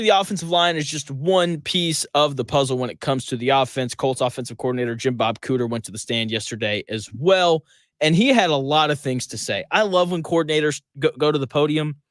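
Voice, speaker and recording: A man hosting a sports talk radio show, delivering an emphatic, conversational monologue full of quick asides. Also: fairly high pitch, a bit bright, no room sound.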